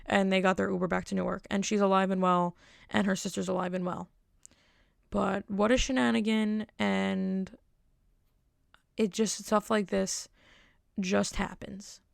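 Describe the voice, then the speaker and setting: A woman's voice: mid-range voice, little pitch movement, unhurried, creaky, dry recording, studio quality. A woman hosting a podcast, telling a rambling, digressive story in casual monologue with wry asides. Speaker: podcast host.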